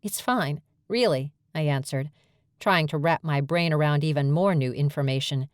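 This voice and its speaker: A woman with a low voice narrates a first-person romance audiobook in a clear, steady manner. The recording is dry and close, with no room sound. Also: moderate pace, no echo.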